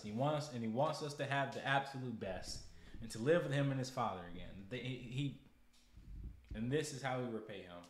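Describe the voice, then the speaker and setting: A man's voice: medium pitch, a little fast, roomy sound. A young married man hosting his own podcast, rambling and preachy, repeating his words as he gets heated. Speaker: podcast host. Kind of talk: casual podcast monologue.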